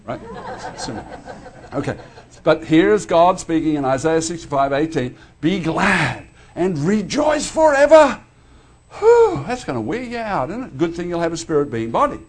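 An older man preaching a conversational sermon, animated and chatty, often checking in with the audience. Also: on the high side. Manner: conversational, animated, frequent tag questions.

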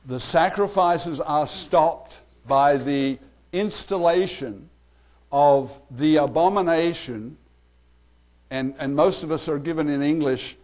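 A man leading a casual Bible study, chatty and animated, laughing often and acting out quoted lines. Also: fairly high pitch.

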